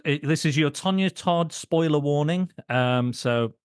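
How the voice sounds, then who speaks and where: A man hosting a casual film podcast, rambling and restarting his sentences, quick to laugh. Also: a little high, smooth, dry recording, studio quality. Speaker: podcast host.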